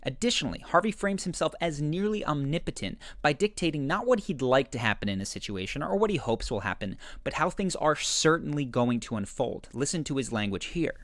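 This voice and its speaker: A man narrating a scripted video essay that explains confident behavior, in a measured, explanatory way. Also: a little high, lively intonation, fairly bright tone, dry recording. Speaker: commentator analyzing a TV character.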